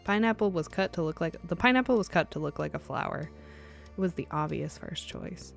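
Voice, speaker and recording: A woman with a fairly low voice reads a visual novel aloud, mixing narration with lively, sarcastic side comments. Faint game music plays quietly underneath her. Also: brisk, gravelly. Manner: animated, sarcastic asides between narration. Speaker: let's play streamer.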